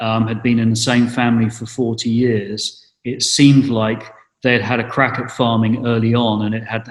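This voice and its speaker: A middle-aged man from England, giving an interview and talking hesitantly, with many fillers and restarts. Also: mid-range voice. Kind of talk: casual interview. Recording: roomy echo.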